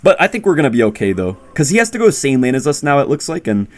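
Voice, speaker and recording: A young man giving excitable, jokey live commentary on his own gameplay, talking straight to viewers and yelping when surprised. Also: fast. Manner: bursts into loud high-pitched exclamations when surprised. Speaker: gaming YouTuber.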